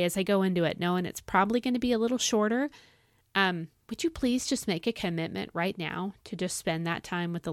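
A woman hosting a devotional podcast, earnest and encouraging, asking listeners direct questions and swinging from bright emphatic highs to soft low asides, her voice a little dry and cracking from thirst. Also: no echo. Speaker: podcast host.

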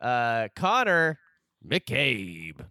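A man hosting a comedy podcast in a studio, gravelly from smoking, rambling with many fillers and laughs. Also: medium pitch, wildly swooping pitch, drawn-out words, bright, forceful tone, no echo. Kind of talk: casual comedy chat.

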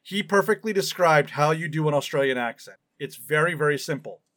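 A man's voice: fairly high pitch, fairly quick, fairly bright tone. A man co-hosting a casual podcast, chatting playfully and laughing often. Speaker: podcast co-host. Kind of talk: casual chat.

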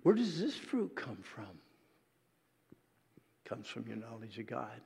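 A man preaching a sermon to a congregation, swinging between loud exhortation and hushed, intimate asides. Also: medium pitch, sing-song, slow pace, creaky, slightly rough, long reverb tail.

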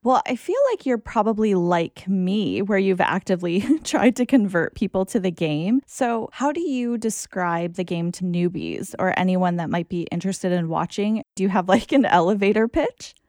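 A woman's voice: medium pitch, moderate pace, few pauses, a little mellow, no room sound, studio quality. A woman interviewer who asks casual, friendly questions and laughs often.

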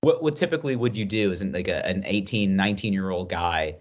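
A man's voice: sits low, fast. A man co-hosting a podcast, telling a story in a rambling, laughing, casual way. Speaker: podcast co-host. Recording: dull lo-fi sound.

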